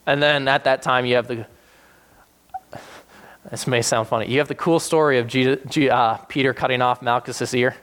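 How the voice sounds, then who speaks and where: A man preaching a sermon, retelling scripture with animated acted-out voices for the people in the story. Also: normal speed, long pauses. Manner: animated, acts out quoted characters with sudden high-pitched voices. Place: South Jersey church.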